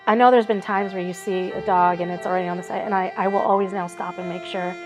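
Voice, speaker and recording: A woman animal welfare advocate in an interview, telling her story in a lively way and acting out her own thoughts. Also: on the low side, quick pace, music in the background, low-quality recording. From Nevada.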